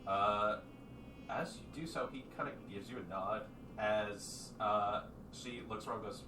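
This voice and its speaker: A man runs a tabletop game, describing scenes in a loose, casual way full of fillers. His voice sits a little low. It sounds distant and roomy, with steady noise behind it. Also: a little slow. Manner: casual, filler-heavy narration. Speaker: game master. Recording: echoey room, distant mic, background noise.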